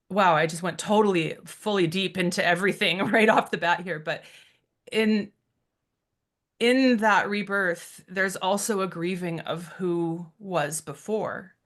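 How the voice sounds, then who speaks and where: A woman in her thirties co-hosts a casual podcast chat in a medium-pitched, fairly bright voice. She speaks reflectively and from the heart, with frequent ums and other fillers.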